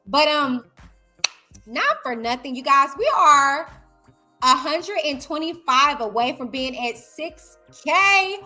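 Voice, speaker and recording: A woman hosts her own commentary vlog, speaking to viewers in a loud, high-energy way. Her voice sits high and rings bright and forceful. She keeps it chatty, pulling her audience in. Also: lively intonation, slow, faint music behind. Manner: chatty, addresses viewers directly. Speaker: YouTuber host.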